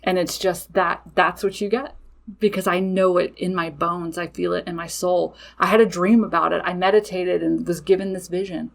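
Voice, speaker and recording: A woman's voice: lowish voice, steady tone, normal speed, creaky. Blunt, matter-of-fact woman podcast host. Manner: blunt, matter-of-fact, laughs and swears freely. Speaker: podcast host and witchcraft business owner. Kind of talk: casual podcast monologue.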